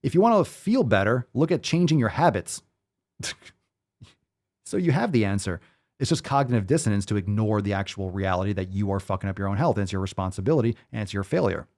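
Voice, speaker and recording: A man's voice: fairly low pitch, lively intonation, a little fast, a little mellow. A man hosting a podcast, giving profane, sarcastic commentary as he reads posts and articles aloud. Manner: sarcastic, mocking, emphatic. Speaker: podcast host.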